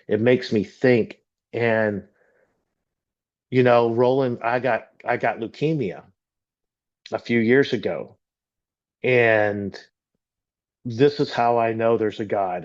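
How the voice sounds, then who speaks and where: Middle-aged man, heartfelt church testimony, rambling, mid-pitched voice, slightly muffled recording. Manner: earnest, rambling, emotional storytelling with restarts. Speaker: church member sharing testimony. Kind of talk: personal testimony talk.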